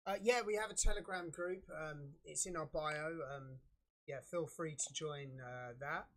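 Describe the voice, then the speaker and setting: A man's voice: on the high side, measured pace, fairly bright tone. A man co-hosting a live trading stream, joking and hesitating with fillers. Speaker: co-host.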